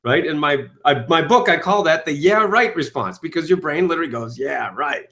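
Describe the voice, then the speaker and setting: A man, a self-help author, telling his story in an interview with lively acted-out quotes. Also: on the high side, brisk. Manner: enthusiastic, quotes himself and audiences in lively asides.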